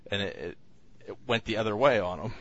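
A man's voice: fairly low pitch, fairly quick, a bit bright, breathy edge, no room sound, lo-fi sound. A man co-hosting a casual podcast chat, reviewing films in a rambling way with many fillers and restarts.

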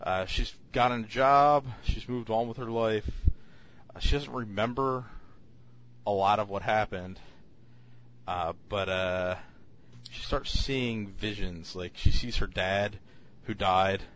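Low-voiced man rambling with fillers. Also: slow pace, fairly bright tone, muffled recording, slight background noise. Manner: rambling, hesitant with many fillers. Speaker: podcast co-host reviewing films. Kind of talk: casual chat.

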